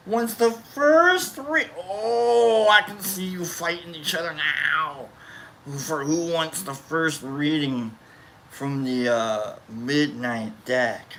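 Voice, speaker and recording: A man casually chatting on a livestream as its host, rambling and playful, quick to get excited. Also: mid-range voice, vocal fry, a little hiss or hum.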